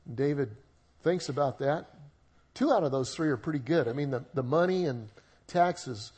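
A man's voice: a little high, lively intonation, moderate pace, darkish tone, breathy edge. A male pastor preaching a sermon in a conversational way with humorous asides.

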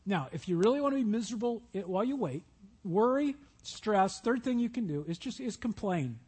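A man preaching with a high, somewhat husky voice. He tells stories and slips into character voices as he acts out Bible scenes for his congregation. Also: lively intonation, fairly quick, darkish tone. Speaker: pastor. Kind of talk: sermon.

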